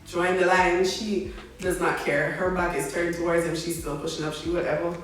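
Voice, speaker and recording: A young woman, telling a story in a casual, slangy, animated way and laughing along as she goes. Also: on the low side, moderate pace, soft background music. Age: young adult. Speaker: vlogger. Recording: very echoey room, mic at a distance.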